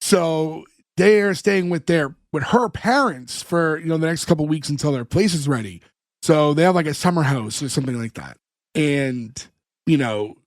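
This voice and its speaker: Man, podcast co-host, casual recap, fairly high voice, dry close sound. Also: no room sound. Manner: animated retelling, acts out quoted lines. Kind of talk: casual chat recapping a sitcom episode.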